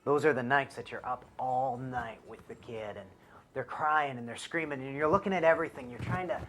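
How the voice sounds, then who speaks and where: A man's voice: medium pitch, brisk, fairly bright tone, a little hiss or hum. A young man, a father and youth pastor, giving an earnest devotional talk from his child's bedroom; he speaks conversationally and grows impassioned.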